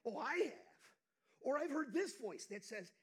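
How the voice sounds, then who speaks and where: A male pastor preaching an impassioned sermon, dropping to hushed asides and rising to loud outbursts. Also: extremely high pitch, very animated, measured pace, husky.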